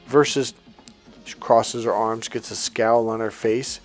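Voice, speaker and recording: Male relationship coach, casual and slangy, slips into quick voiced dialogues, middle pitch, light music bed. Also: little pitch movement. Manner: loose, slangy, acts out little dialogues in quotes. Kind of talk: casual monologue to camera.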